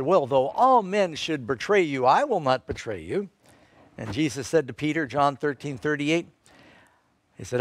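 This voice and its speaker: A male preacher delivers a sermon in a middle-pitched voice, retelling scripture as a story and lifting pitch and force on key points. The sound is dry and close, with little room echo. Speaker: pastor.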